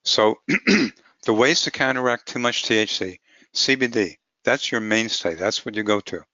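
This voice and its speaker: A physician presents a webinar lecture on cannabis medicine, plainly walking through clinical cases step by step. His lowish voice is animated, bright and forceful, and he takes his time. The webinar audio is muffled and lo-fi, though there's no echo.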